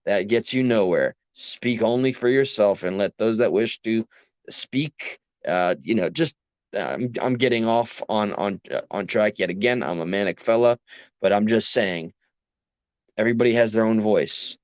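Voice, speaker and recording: A man with a New York accent talks to his live chat late at night, tired after a long workday. He rambles earnestly and keeps cutting himself off. His low voice comes through a dry, dull, lo-fi recording. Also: moderate pace, clear, resonant tone, no room sound. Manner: rambling, self-interrupting, earnest. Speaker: livestream host.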